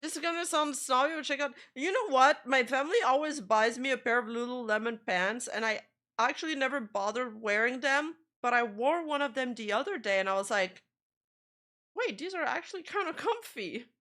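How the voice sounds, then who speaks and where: A woman's voice: high-pitched, a little fast, pushed and bright. A woman streamer in casual chat, rambling and trailing off as she reacts to videos. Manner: chatty, rambling, trails off mid-sentence.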